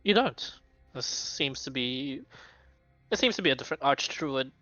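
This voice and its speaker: A man's voice: mid-range voice, lively intonation, normal speed, sharp tone, no echo. A man narrating a tabletop game as game master, rambling with lots of fillers. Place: home streaming setup. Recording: dull lo-fi stream audio with faint music.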